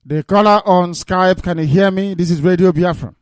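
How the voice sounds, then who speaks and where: A man's voice: high voice, normal speed, clear, resonant tone, no echo, clean studio sound. Emphatic man hosting a call-in radio show. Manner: emphatic, repetitive preaching talk. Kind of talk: live call-in radio broadcast.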